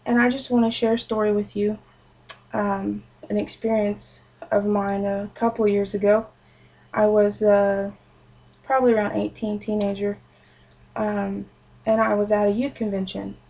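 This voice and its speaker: A woman's voice: medium pitch, level tone, moderate pace, mellow, low-quality recording. A young adult woman giving a short sermon as a personal story, earnest and conversational, with frequent fillers.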